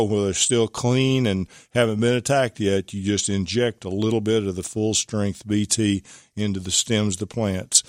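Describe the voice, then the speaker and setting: A man's voice: on the low side, no echo, clean studio sound. A man hosting a call-in gardening radio show, giving rambling, folksy advice and spelling out product names.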